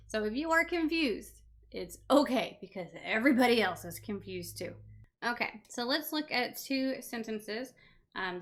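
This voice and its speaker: A woman's voice: mid-range voice, a bit bright. A woman teaching an online language lesson, explaining patiently and checking in with "right?" as she goes.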